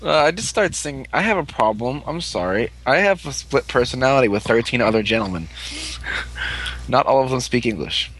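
A man's voice: mid-range voice, lively intonation, a little fast, fairly bright tone, a little hiss or hum, rough recording. A man hosting a podcast, chatting in an offhand, self-mocking way. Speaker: podcast host. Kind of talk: casual chat.

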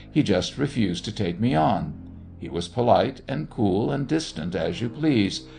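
A man narrating a first-person story in a measured, conversational way that turns animated in the dialogue. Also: deep voice, vocal fry. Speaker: audiobook narrator.

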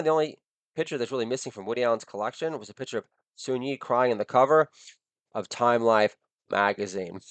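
A man's voice: mid-range voice, no echo. A middle-aged man, a podcast host, delivering a crude comic monologue and laughing at his own jokes.

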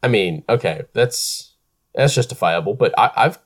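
A man's voice: on the low side, expressive, normal speed. A young man co-hosting a podcast, chatting casually about running games with lots of fillers and restarts. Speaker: podcast co-host and game master. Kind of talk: casual chat.

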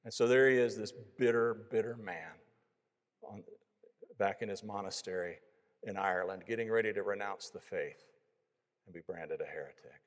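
A man's voice: fairly low pitch, moderate pace, pauses often. A man preaching a sermon, telling a story and then pleading with his listeners. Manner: storytelling, rising to pleading appeals. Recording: long hall reverb.

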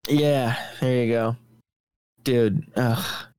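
A man's voice: mid-range voice, steady tone, drawn-out words, darkish tone, clean tone, dry recording. A man co-hosting a podcast, rambling in casual banter with lots of fillers and swearing. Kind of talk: casual chat.

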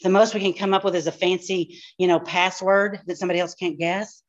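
A woman pastor with a drawl, teaching a live church class. She talks fast and animated, throwing in asides, in a lowish voice. The recording is dull and lo-fi.

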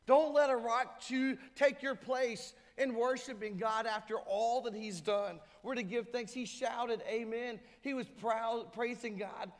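A man's voice: very high-pitched, steady tone, measured pace, hardly any pauses. A man preaching a sermon to his church, emphatic, sometimes acting out the voices of people in the story. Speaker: pastor. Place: church sanctuary. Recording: hall reverb.

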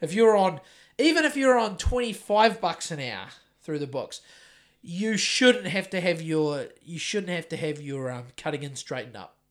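This New Zealand house painter, who co-hosts a podcast, has a voice on the high side and sounds very animated at a normal speed. His casual chat wanders, is full of swearing, and is littered with false starts.

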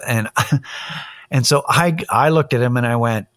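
A man's voice: mid-range voice, animated, a little slow, fairly bright tone. A man talking in a casual monologue, blunt, opinionated and profane as he tells a story and gives his views.

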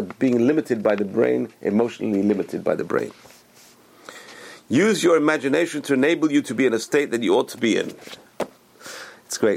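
A man's voice: medium pitch, vocal fry, darkish tone. A man giving a spoken religious talk as a teacher, enthusiastic and repeating words for emphasis.

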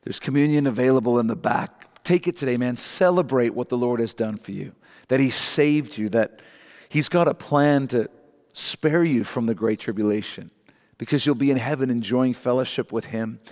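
A middle-aged man preaching a sermon, emphatic and rising in pitch on key points, slowing down to read scripture aloud. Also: darkish tone. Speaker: pastor. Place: church sanctuary. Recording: long hall reverb.

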